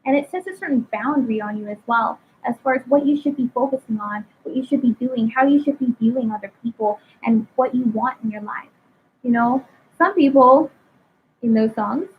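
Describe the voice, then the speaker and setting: A woman's voice: on the high side, fairly quick. A woman hosting a casual spiritual talk, asking searching questions in a preachy way. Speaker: host. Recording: tinny phone-like line with faint noise.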